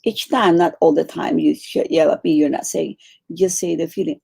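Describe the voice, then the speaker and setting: A woman teaching a meditation class, coaching her students gently and repeating phrases for emphasis. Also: lowish voice, fairly even intonation, moderate pace, gravelly, husky. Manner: warm coaching, repeats phrases, acts out quoted pleas.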